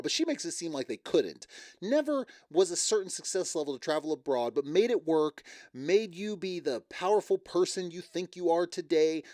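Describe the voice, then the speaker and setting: An opinionated man rants his way through a reality-show recap with sarcasm and frequent laughter. His pitch sits a little high and swings widely as he talks. The sound is dry and close. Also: dark tone, no echo. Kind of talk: casual reaction commentary.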